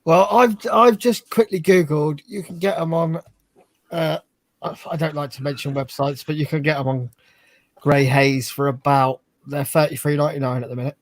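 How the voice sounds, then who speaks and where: Male panelist, slightly high, quick quips, dry close sound. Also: steady tone, no echo. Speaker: panel regular. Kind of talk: casual banter.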